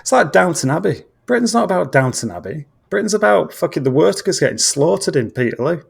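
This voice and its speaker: Gravelly, sweary British-accented man. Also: fairly high pitch, sing-song, brisk. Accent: British English. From Australia. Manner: profane, ranting, blunt. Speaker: guest football fan. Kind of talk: casual podcast chat.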